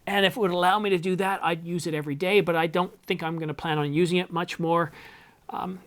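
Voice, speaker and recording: A man's voice: high-pitched, fairly even intonation, fast, a bit bright. A middle-aged man from Canada, casually answering viewer questions on his filmmaking channel, rambling and correcting himself with dry little jokes. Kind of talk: casual Q&A monologue.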